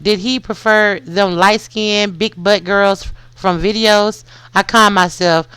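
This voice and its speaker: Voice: medium pitch, fairly even intonation, measured pace, few pauses, bright, forceful tone, smooth, dry recording. A podcast host reading a book aloud, stumbling over words and adding comments.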